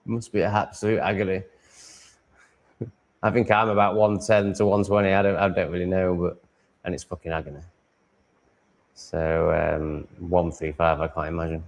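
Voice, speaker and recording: A man's voice: low-pitched, flat delivery, moderate pace, creaky. A man live streaming from home, chatting and answering comments in a rambling, profane way with stumbling restarts and chuckles. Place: at home with cats on his lap.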